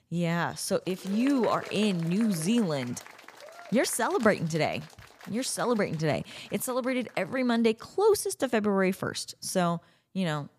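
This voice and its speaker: A woman hosting a podcast in a casual, chatty way, playful and quick to break into silly asides. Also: mid-range voice, slight background noise. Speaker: podcast host. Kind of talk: casual chat.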